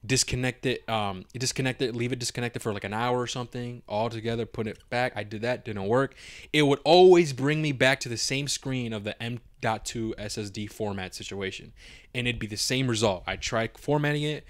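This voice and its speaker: Animated, swearing young man telling a story. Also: medium pitch, fairly quick, no room sound, studio quality. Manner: animated, swears a lot, acts out his own quotes. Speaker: podcast co-host. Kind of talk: casual storytelling chat.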